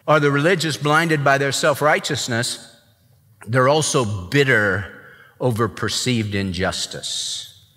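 Emphatic, animated preacher in a reverberant church. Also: male voice, fairly high pitch. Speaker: pastor. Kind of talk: sermon. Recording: long reverb, church hall.

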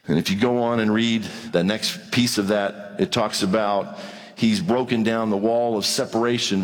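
A man preaching a sermon in a conversational way, reading scripture and acting out short exchanges, with his pitch moving a lot as he goes. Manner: conversational preaching with acted dialogue and wide pitch swings. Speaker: pastor. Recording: long hall reverb.

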